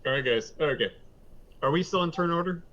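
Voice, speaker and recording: A man's voice: on the high side, fairly quick, a bit bright. Wry man with a dull lo-fi mic. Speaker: player. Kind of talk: casual tabletop play.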